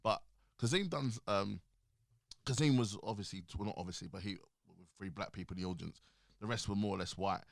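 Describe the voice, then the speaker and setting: A man's voice: lowish voice, brisk, gravelly, dry recording. A man hosting a casual chat in a studio, talking animatedly, laughing often and restarting his sentences. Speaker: podcast host.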